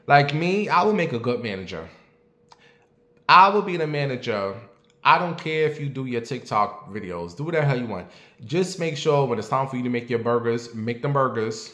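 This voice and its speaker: Man, late 30s, show host doing casual commentary; blunt and profane, mid pitch, echoey room. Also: lively intonation, moderate pace, fairly bright tone. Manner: blunt, profane and talkative, asking the audience questions. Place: at home.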